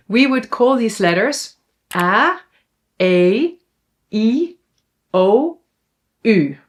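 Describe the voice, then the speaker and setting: A young Dutch woman with a Dutch accent teaching pronunciation, modeling sounds slowly and asking the viewer to repeat after her. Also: on the low side. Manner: slow, clear pronunciation drills, asks viewer to repeat. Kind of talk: online language lesson.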